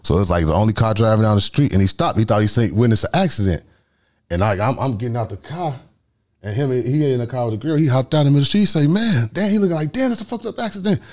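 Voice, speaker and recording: A man's voice: medium pitch, expressive, quick pace, darkish tone. A man, a guest telling a long story in street slang and acting out sounds as he goes. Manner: street slang, rambling retelling with sound effects. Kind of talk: storytelling interview.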